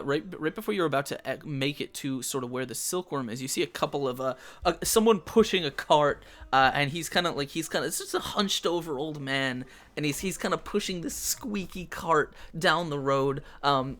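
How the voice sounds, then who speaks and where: A man's voice: fairly high pitch, sharp tone. A man narrating a tabletop game as game master, rambling with many fillers and restarts.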